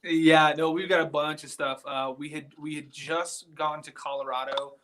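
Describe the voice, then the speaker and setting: A man talking as a guest paranormal investigator on a live show, rambling and excitable as he tells stories from inside an old building at night. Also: fairly high pitch, moderate pace. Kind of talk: casual live chat from an investigation site.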